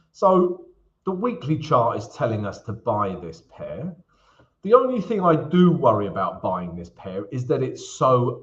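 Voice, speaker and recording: On a muffled recording, a mid-range male voice belongs to an English forex trading stream host. He chats casually with viewers, greets them by name, and jokes between his chart talk.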